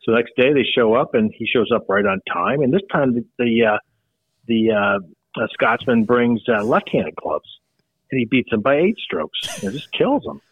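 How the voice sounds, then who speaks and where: A man's voice: mid-range voice, lively intonation, moderate pace, husky, no room sound, phone-quality sound. Older man, folksy, chuckling, joke teller, dry recording. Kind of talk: casual storytelling.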